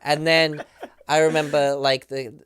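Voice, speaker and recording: A man, a podcast guest, telling a story with excitement, acting out the people he quotes, with many fillers. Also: a little high, measured pace, clean tone, no echo, studio quality. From Australia. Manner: acts out the voices of people he quotes. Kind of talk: animated storytelling.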